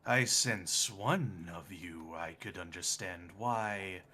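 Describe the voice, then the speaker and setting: A deep, unhurried disembodied voice that questions whoever stands before it, as a game master puts it on, low and hushed. The tone stays bright and clear, and every word is drawn out slowly. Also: male voice, slight background noise, full character voice. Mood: probing. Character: slow, probing disembodied voice of a place.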